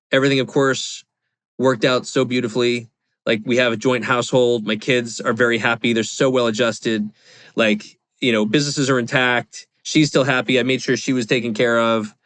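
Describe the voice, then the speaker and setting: A man in his forties shares a personal story as a podcast guest. He rambles candidly, with plenty of fillers and restarts, at an ordinary pitch. The sound is dry and close. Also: fairly even intonation, moderate pace, a bit bright, no echo. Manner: rambling, confessional, lots of fillers. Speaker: podcast guest, real estate investor.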